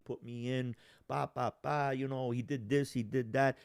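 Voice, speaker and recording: A man telling a story in casual talk, profane and animated, acting out the voices of the people in it. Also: medium pitch, normal speed, gravelly, smooth. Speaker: storyteller guest.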